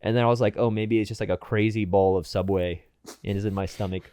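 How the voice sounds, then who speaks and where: A man's voice: on the low side, fairly even intonation, brisk, dark tone, clear, resonant tone. A young man co-hosting a podcast, rambling through a casual anecdote full of fillers and acted-out quotes. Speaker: podcast co-host. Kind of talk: casual storytelling chat.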